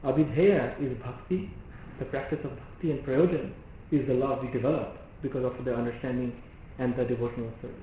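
A man giving a devotional lecture in a measured, explanatory way, often asking rhetorical questions. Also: mid-range voice, fairly even intonation, slight background noise. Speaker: preacher. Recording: echoey hall on a phone-like line.

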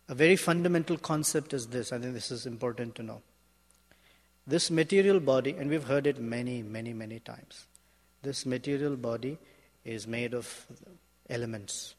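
Man, spiritual teacher, sermon, measured and emphatic, rhetorical questions, mid-pitched, long hall reverb.

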